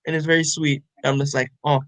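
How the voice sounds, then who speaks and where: A young man on a podcast, casually retelling a story in a loose, rambling way, full of filler words and frequent swearing. His voice sits a little high for a man. The sound is close and dry, with no room echo. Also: level tone, a little fast, a bit bright. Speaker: podcast co-host. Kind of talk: casual chat recapping a comic.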